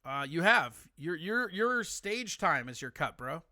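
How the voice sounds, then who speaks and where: Man, bright tone, fairly high voice, dry close sound, teasing, profane casual banter, live stream host. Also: sing-song, measured pace, dry recording.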